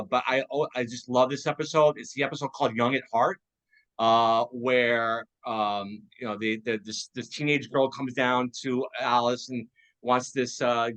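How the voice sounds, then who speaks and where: Excitable male co-host, medium pitch. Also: poor audio. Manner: enthusiastic, laughs often, many fillers. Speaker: podcast host. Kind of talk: casual chat reviewing a TV show.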